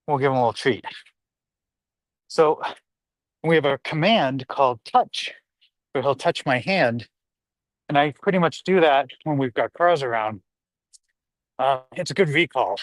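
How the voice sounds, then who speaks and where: A slightly winded man chats through a livestream while walking uphill outdoors. He rambles from point to point and reads out viewer comments as he goes. His voice is mid-pitched and sounds dry and close, with no room echo. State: slightly out of breath. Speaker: livestream host. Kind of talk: casual livestream talk while walking a dog. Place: outdoors on a hillside street.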